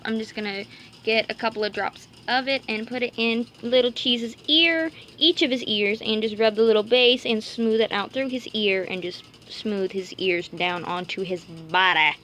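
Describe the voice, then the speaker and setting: A woman talks in a rambling, chatty way, her voice sitting a little high. She coos to her pets in between bits of casual vlog chat, filmed on a handheld camera at home with a faint hiss of room noise behind her. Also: sharp tone. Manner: chatty and rambling, cooing baby talk to her rabbits. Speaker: vlogger. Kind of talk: casual vlog chat while caring for pet rabbits.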